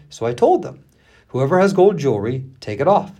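This is a man reading scripture on a pastors' podcast. His voice is somewhat husky and moves a lot in pitch. He throws himself into the quoted lines, punching some up and dropping others low. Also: brisk. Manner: expressive reading, acting out the quotes with laughs between. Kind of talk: reading scripture aloud with asides.

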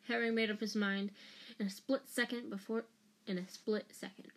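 A woman's voice: medium pitch, flat delivery, moderate pace. A woman reading a fan audiobook aloud, unpolished and casual, restarting lines and commenting on her own slips. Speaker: audiobook reader.

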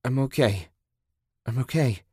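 A man's voice: animated, a little slow, darkish tone, husky, dry recording. A man voicing a frightened young woman who shrieks and wails in fear. She sounds frantic and close to tears. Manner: frantic, shrill and tearful. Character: terrified young woman in a monster attack.

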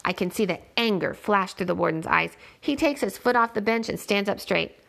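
Woman narrator, first-person audiobook; measured delivery, heavy gravel. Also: mid-range voice, fairly bright tone. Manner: measured, plain storytelling.

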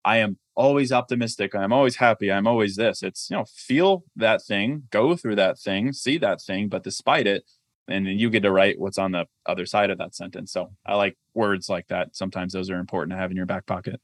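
Low-pitched male author as interview guest; thoughtful, practical, conversational, dry studio sound. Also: brisk, dry recording. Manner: reflective, practical, peppers speech with "like" and "I mean". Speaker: author and podcast host, guest.

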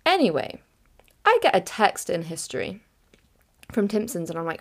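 A woman's voice: on the low side, very animated, normal speed, long pauses. Bubbly teen girl telling a story. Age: late teens. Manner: bubbly, giggly, chaotic storytelling. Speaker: podcast host. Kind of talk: casual storytelling podcast.

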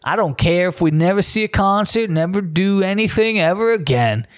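A man's voice: sits high, lively intonation, normal speed, no echo, clean studio sound. A man voicing a smug, contented male resident in a mock-earnest way.

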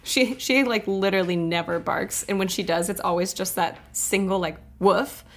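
A woman's voice: mid-range voice, moderate pace. A woman co-hosting a podcast in casual chat, joking and laughing often. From Texas. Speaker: podcast co-host.

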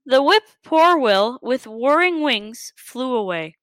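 A woman's voice: high voice, animated, slow, bright, forceful tone, no room sound. A woman reading a children's storybook aloud, carefully, with frequent stumbles and restarts. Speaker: story reader.

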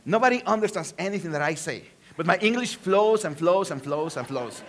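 A Mexican pastor who speaks Spanish with a Mexican accent preaches a playful sermon in a church auditorium. His voice is high-pitched and fairly bright, and he jokes around with his congregation.

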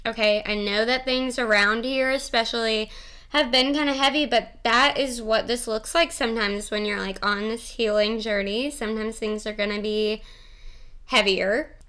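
A young woman rambles through a casual solo podcast, giggly and freely swearing. Her voice is bright and crisp, sitting a little high for a woman. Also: steady tone, normal speed. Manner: rambling, giggly, profane and playful. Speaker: podcast host.

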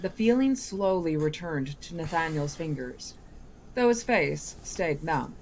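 A woman reads a novel aloud at a very slow, unhurried pace in a lowish voice. She is deliberate and now and then stops to fix a misread word. Faint background hiss runs under her reading. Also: lively intonation, darkish tone. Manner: deliberate, with small self-corrections. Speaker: book club reader.

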